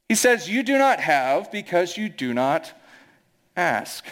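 A man's voice: fairly high pitch, big pitch swings, unhurried, fairly bright tone. A male pastor with a Midwestern American accent, preaching a conversational sermon and acting out quoted voices.

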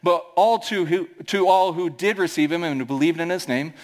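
Midwestern male pastor, high bright voice, chatty preaching that slips into quoted voices. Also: normal speed. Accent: American Midwest. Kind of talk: sermon.

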